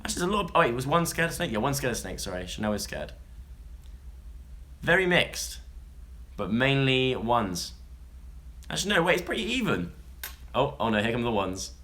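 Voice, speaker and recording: Young male vlogger, bright and forward tone, chatty and jokey, prone to tangents. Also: medium pitch, big pitch swings, a little fast, long pauses. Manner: chatty, jokey, rambling asides. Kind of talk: casual chat, reading news stories to a live audience.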